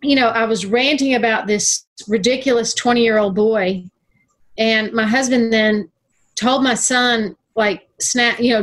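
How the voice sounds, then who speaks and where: A middle-aged woman in casual conversation, speaking earnestly and slowing down on words she wants to stress. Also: fairly high pitch, fairly bright tone. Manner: earnest, emphatic, slows down for emphasis. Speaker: guest.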